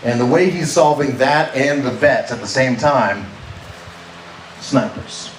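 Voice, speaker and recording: A man's voice: mid-range voice, slow, far from the mic. A man doing a stand-up comedy set on stage, chatting with the crowd and often checking in with "right?". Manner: conversational, asks the crowd "right?" a lot. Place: comedy club stage with live audience. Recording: roomy live venue, faint noise.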